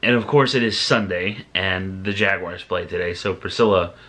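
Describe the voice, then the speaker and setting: A man, a father, chatting casually to camera about his family's day, relaxed and rambling with ums and restarts. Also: sits low, normal speed. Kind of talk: casual vlog talk to camera.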